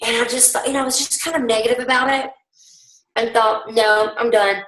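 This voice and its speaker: A middle-aged woman, a bit hoarse, telling her story to a sales team in a rambling, folksy way full of ums. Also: sits high, fairly even intonation, fairly quick, fairly bright tone. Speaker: guest speaker on a team call. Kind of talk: personal testimony to a sales team. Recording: roomy, distant conference-call audio.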